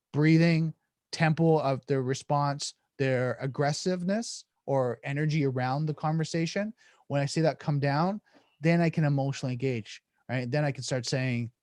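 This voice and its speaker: A slightly high-voiced man talks earnestly on a podcast, breaking into little acted-out exchanges to show his point. He restarts often as he thinks. The sound is close and dry, with no room around it. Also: a little mellow, no room sound. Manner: earnest, acts out sample dialogues, many restarts. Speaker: podcast guest, negotiation coach. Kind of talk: casual explanatory podcast talk.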